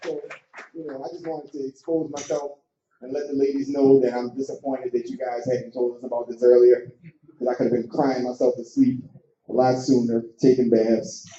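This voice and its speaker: A man's voice: medium pitch, flat delivery, moderate pace, dark tone, slight background noise. A man hosting an open mic night, hyping the crowd with stand-up emcee banter. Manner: hypes the crowd, sings a few lines. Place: comedy club stage. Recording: echoey club heard from far off on a dull mic.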